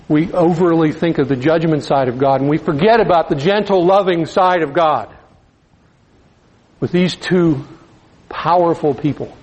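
A man's voice: on the high side, husky, highs cut off. Folksy conversational male preacher. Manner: conversational, folksy, dropping to soft emphasis. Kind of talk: sermon.

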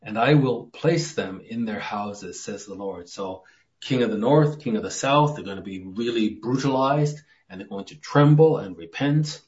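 A man preaching a verse-by-verse Bible sermon, earnest, dropping into a hush when he quotes scripture. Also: mid-range voice, animated, moderate pace. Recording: muffled lo-fi sermon recording.

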